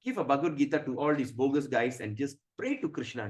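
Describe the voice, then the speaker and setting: A man giving a religious class lecture. He asks rhetorical questions and pauses to search for words. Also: mid-range voice, sing-song. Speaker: spiritual teacher.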